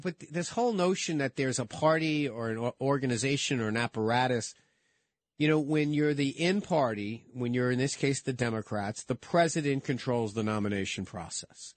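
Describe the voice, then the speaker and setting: A man co-hosting a political talk show, in quick casual debate, often restarting his sentences. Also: medium pitch, no echo.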